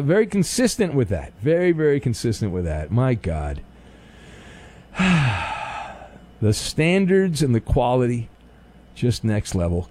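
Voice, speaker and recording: Style: animated man hosting a radio show. Pitch: high. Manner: animated, quick to joke, stammers when flustered. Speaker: radio call-in show host. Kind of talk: casual call-in radio banter.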